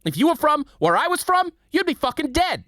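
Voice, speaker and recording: A man putting on a brash, profane, fast-talking young male brawler with a cocky delivery. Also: very high voice, big pitch swings, no room sound, studio quality, pitched above the performer's own voice, full character voice. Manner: cocky, loud, profane, rapid-fire.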